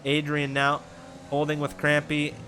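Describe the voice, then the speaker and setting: A man commentating a sim-racing league race, building to near-yelling in close battles. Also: on the high side, monotone, a little slow, music in the background. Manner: rises to loud half-yelling in battles. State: catching his breath.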